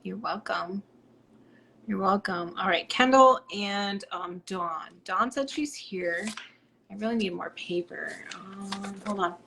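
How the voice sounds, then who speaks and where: A woman from Rhode Island, hosting a live stream as a psychic medium, chatting and reading out viewer comments in a bubbly way that drops into soft whispers. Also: medium pitch, takes it slowly, gravelly, a little hiss or hum.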